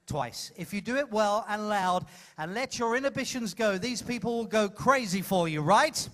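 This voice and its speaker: A man's voice: high voice, expressive, moderate pace, a bit bright. A man hosting a live comedy show, coaching a volunteer from the audience with playful, teasing patter on a cruise ship stage.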